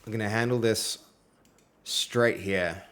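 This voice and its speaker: This is casual live-stream chat from a young programmer with an Australian accent, who codes while talking to viewers and reads their incoming messages out loud. His voice is lowish and a bit bright, steady in tone, at a slow pace. He speaks in a friendly, loose way, heavy on fillers.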